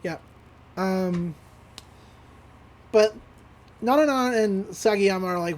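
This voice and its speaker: A man with a high voice talks through an anime episode on a podcast. His retelling rambles, full of fillers and little laughs. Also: slow pace, long pauses, darkish tone. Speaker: podcast co-host. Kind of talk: casual anime episode recap.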